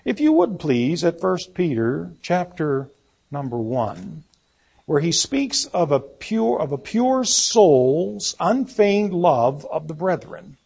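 Male preacher, sermon delivery, husky tone, pitched a bit high. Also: very animated, takes it slowly, a little mellow. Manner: reads scripture aloud, repeats key words for emphasis.

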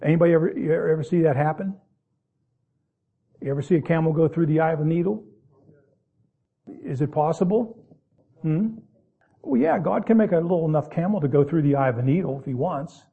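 Male preacher, sermon, folksy asides between scripture readings, somewhat high voice, husky tone, tinny phone-like sound. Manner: reads King James verses, then explains them in plain folksy asides; stretches words out slowly for emphasis.

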